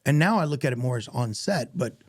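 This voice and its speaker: A man with a Southern American accent, an actor guest talking earnestly in a casual interview, with a gravelly, husky voice. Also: mid-range voice, brisk, no echo, studio quality. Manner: earnest, animated storytelling with self-corrections.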